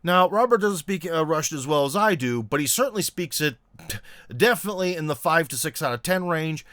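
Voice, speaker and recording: A man's voice: on the high side, lively intonation, fairly quick, fairly bright tone, no echo. A man from the United States hosting a casual commentary monologue, rambling and restarting as he talks. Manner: rambling, many fillers and restarts. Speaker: host.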